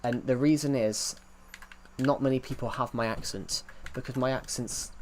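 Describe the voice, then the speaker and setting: A man's voice: medium pitch, fairly even intonation, moderate pace, a little hiss or hum. A young man chatting casually on a gaming livestream, rambling and correcting himself while answering chat.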